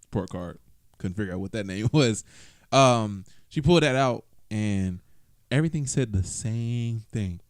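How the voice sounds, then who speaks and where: A man's voice: on the low side, animated, measured pace, no echo, clean studio sound. A man co-hosting a podcast in casual chat, rambling and laughing easily. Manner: laid-back, chuckling, rambling. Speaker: podcast co-host.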